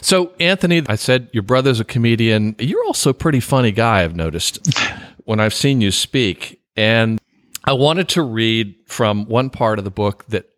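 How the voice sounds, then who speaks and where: A man hosting a podcast interview, animated and laughing often. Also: fairly low pitch, moderate pace, dry recording, clean studio sound. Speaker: podcast host.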